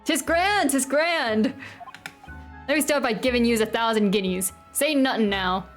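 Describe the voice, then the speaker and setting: A woman voicing a wealthy, boastful gentleman with a shaky put-on Irish accent and a raised voice. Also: a little high, brisk, faint music behind, lightly acted.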